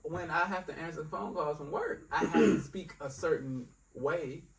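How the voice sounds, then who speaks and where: A man's voice: fairly high pitch, normal speed, a crowd in the background. A man co-hosting a casual podcast chat, telling stories with lots of laughter and acting out other people's lines. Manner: animated storyteller, laughs often, acts out quotes. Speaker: podcast co-host. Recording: mic a bit distant, faint room noise.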